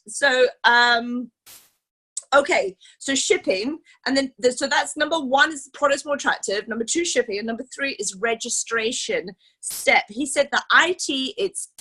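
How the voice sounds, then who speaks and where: A woman's voice: on the high side, measured pace, sharp tone, slightly rough. A woman leading a team training session, talking in a chatty, enthusiastic way with lots of fillers. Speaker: team leader. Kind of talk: casual training talk.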